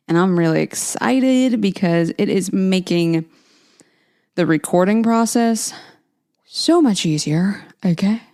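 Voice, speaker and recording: A young woman hosting a podcast, talking in a casual, chatty way, laughing often and dropping playful asides. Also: medium pitch. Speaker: podcast host. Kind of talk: casual solo chat.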